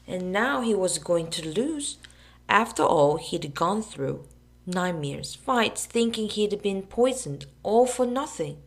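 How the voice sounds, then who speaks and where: A woman reading a children's storybook aloud with plenty of expression. Her voice sits low but swings widely up and down, with a gravelly, creaky texture. She slips in and out of character voices. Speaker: narrator.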